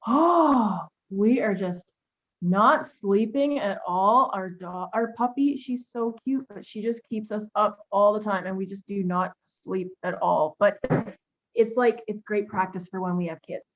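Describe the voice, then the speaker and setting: A woman's voice: medium pitch, a little slow. A young woman volunteering in a role-play demonstration, easygoing and candid as she talks. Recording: muffled lo-fi sound.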